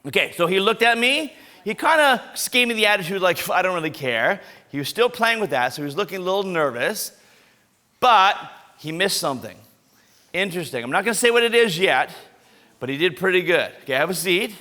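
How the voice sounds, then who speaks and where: A man's voice: high-pitched, lively intonation, a little fast, sharp tone. A man giving an upbeat anti-bullying talk at a school assembly, coaching kids through role-play.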